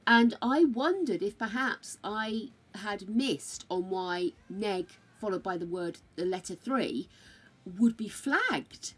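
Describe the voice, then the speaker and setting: An older woman from the United Kingdom chats casually on her game livestream, calling viewers darling and dearie. Her British accent drifts between different regional accents. She speaks at a medium pitch, slowly, with few pauses.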